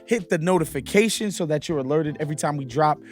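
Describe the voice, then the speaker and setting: A man from New York hosting a casual basketball commentary show, animated and opinionated, often laughing. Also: fairly high pitch, fast, faint music behind. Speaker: host.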